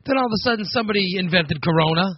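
A middle-aged American man with a husky, slightly high voice, rambling through a sarcastic comedy podcast. The sound is dry and close, and a bit dull in the highs, like a home podcast recording. He now and then jumps into loud mocking voices. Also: rapid-fire, dry recording. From United States. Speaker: podcast host. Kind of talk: casual comedic chat.

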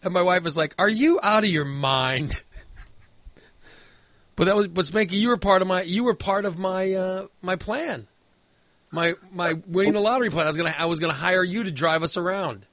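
A man's voice: sits high, moderate pace, a bit bright, no room sound. A man chatting casually, telling a long rambling story full of fillers and restarts. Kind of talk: casual chat.

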